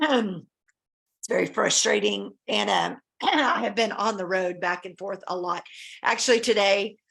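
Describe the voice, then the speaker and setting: A woman's voice: medium pitch, measured pace, creaky, a bit bright. Woman host, upbeat and encouraging, casual video-call chat, mid-range voice.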